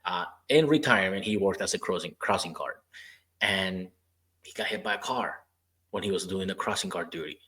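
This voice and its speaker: A low-voiced man hosts a relaxed podcast conversation. He tells stories from his therapy work and acts out what people said. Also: moderate pace. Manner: storytelling, acting out quoted dialogue. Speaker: podcast host; former rehab therapist. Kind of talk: casual interview chat.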